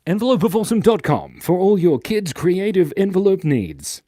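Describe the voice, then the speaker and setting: Playful man with a lively, bouncing voice. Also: high voice, normal speed, no room sound. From Australia. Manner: playful, jumps between loud bursts and mumbled asides. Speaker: livestream drawing host for kids. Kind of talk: casual live-stream chat reading comments. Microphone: mic set in a beard.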